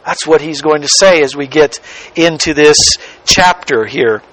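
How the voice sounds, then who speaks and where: A man preaching a sermon as pastor, slow and emphatic, stretching out key words for weight. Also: fairly high pitch, fairly bright tone, poor audio.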